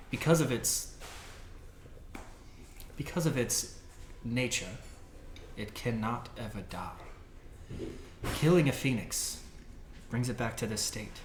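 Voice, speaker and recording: A man voicing a stern elderly noblewoman and grandmother in a tabletop game, speaking in a measured, formal way. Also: mid-range voice, natural voice. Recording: echoey room with background noise.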